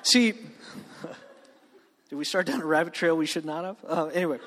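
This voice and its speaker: A man's voice: fairly high pitch, a bit bright. Male preacher in an echoing hall. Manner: conversational, asks "right?" often, slows down to stress key words, joking asides. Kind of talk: sermon to students. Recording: long reverb of a hall.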